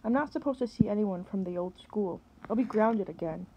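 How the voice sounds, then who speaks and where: A woman reading aloud, voicing a worried young girl who speaks in a hurried, anxious way. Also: mid-range voice, dull audio, background noise, lightly acted.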